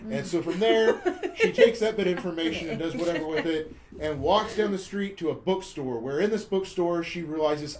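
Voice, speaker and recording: With a slightly high voice, a man co-hosting a podcast rattles through a film plot a little fast and with few pauses. His casual recap is a wry, mocking play-by-play full of stumbles and repeated words. Poor audio leaves a bit of hiss or hum.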